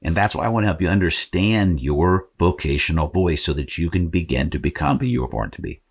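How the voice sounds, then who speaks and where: Very deep-voiced American podcast host. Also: male voice, fairly quick, slightly rough. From Arizona, United States. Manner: conversational, self-deprecating, with frequent fillers. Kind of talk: motivational faith podcast talk.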